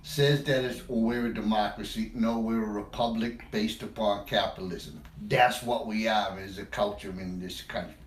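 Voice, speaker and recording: A man's voice: on the low side, moderate pace, hardly any pauses, echoey room. A man from the United States giving a loose, rambling talk, repeating words and laughing at himself as he goes. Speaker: speaker on language. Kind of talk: informal monologue.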